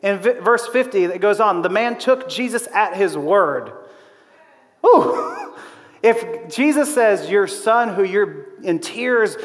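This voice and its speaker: High-voiced man preaching in a reverberant hall. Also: a little slow, few pauses. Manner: animated storytelling with laughs and acted-out quotes. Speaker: pastor. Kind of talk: sermon. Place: church auditorium.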